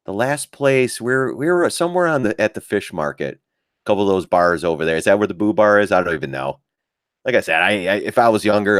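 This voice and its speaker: A middle-aged man hosts a casual trading live stream in a low voice, recorded with clean studio quality and no echo. He rambles and jokes, swears casually and laughs often.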